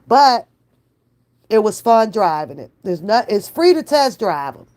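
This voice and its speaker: A woman's voice: mid-range voice, sing-song, unhurried, darkish tone, slight background noise. A woman hosting a casual reaction vlog, slangy and emphatic, with frequent laughter. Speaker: reaction channel host.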